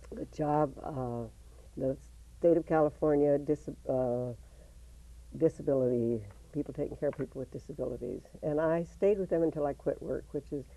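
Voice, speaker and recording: A woman in her eighties, a folk singer, singing old union songs and chatting about her life in an interview. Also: low voice. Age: 80s. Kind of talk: unaccompanied folk singing and casual interview talk. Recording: tinny phone-like band with guitar music.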